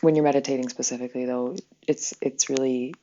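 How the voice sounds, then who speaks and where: A woman's voice: very deep voice, fairly even intonation, fast, mellow, muffled recording. A woman hosting a live spiritual healing session in casual, rambling talk. She corrects herself often and chuckles along the way.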